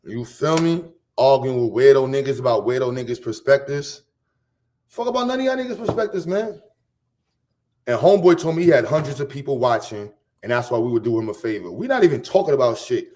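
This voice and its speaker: A man from Harlem, hosting a casual livestream rant full of profane, boastful street slang and loud bursts. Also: medium pitch. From Harlem, New York. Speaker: livestream host.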